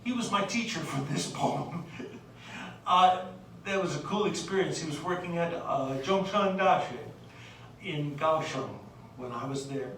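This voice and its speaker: A woman from the United States lecturing on literature, unhurried and hesitant, filling pauses with "uh" and reading verse aloud. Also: low voice, slight background noise. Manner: unhurried, hesitant with many fillers, reads poetry aloud. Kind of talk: recorded lecture. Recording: very echoey room, distant mic.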